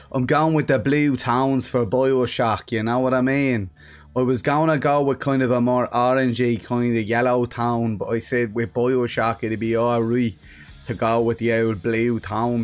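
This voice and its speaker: An Irish man chatting casually on a live game stream, greeting viewers by name, laughing often and swearing freely. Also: medium pitch. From Ireland.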